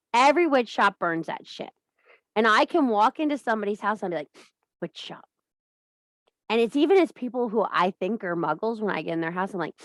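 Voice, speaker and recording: A woman with a fairly high, slightly bright voice, recorded dry, hosts a casual spiritual coaching talk for a witchcraft and wellness group. She's bawdy and joking, swears freely, and laughs at her own jokes.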